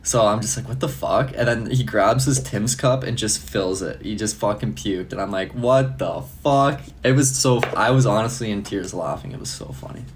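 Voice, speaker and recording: Brief: young man, slightly low voice, relaxed profane live-stream chatter. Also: a little fast, hardly any pauses, a little hiss or hum. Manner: loose, profane, laughs often. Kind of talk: casual live-stream chat answering comments.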